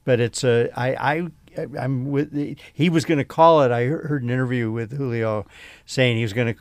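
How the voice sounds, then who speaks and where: A male film critic with a gravelly voice talks through a movie. He rambles and restarts as he thinks. The studio sound is dry and close. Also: medium pitch, steady tone, moderate pace, no echo. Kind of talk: radio film review chat.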